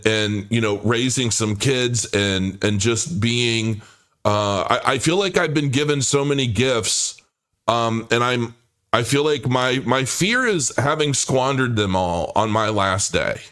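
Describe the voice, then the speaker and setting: A man in his forties hosting a livestream, talking off the cuff in a rambling, halting way with many restarts. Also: on the low side, a bit bright. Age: 40s. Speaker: crypto livestream host. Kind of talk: casual livestream monologue.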